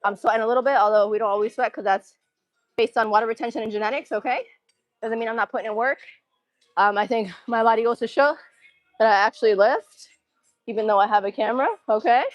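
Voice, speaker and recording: A woman's voice: a little high, quick pace, dry recording, highs cut off. A young woman live-streaming her gym workout, a little out of breath, chatting casually and counting reps and form cues between sets. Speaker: fitness streamer.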